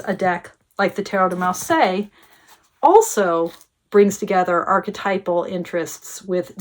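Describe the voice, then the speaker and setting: A woman with a mid-range voice teaches tarot in a reflective, explanatory way. She pauses on filler sounds and often asks whether her point makes sense. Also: medium pitch. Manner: thoughtful, checks in with listeners, many filler uhs. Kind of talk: explanatory talk to camera.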